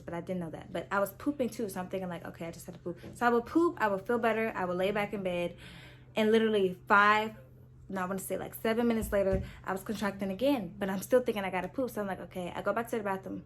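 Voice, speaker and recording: A woman's voice: medium pitch, a little hiss or hum. A young woman casually telling her own story to her viewers, candid and chatty, with lots of "like" and "so I'm like". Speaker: vlogger.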